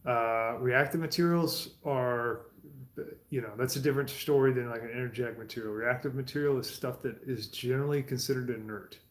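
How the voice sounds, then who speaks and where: A man's voice: medium pitch, brisk. Profane, rambling man in an echoey garage. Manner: profane, rambling, laughing asides. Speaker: streamer. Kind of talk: casual rambling monologue. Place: home garage. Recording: roomy echo.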